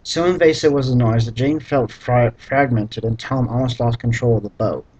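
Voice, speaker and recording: A man reading a badly written novel aloud and breaking off for deadpan, sarcastic, profane commentary. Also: medium pitch, moderate pace, highs cut off. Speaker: reader mocking a book.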